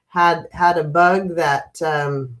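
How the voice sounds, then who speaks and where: A woman's voice: low voice, steady tone, slow pace, a bit bright. A woman in her fifties with a stuffy, congested nose, chatting casually as host of a live stream and greeting viewers by name with frequent laughs. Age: 50s. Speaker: livestream host.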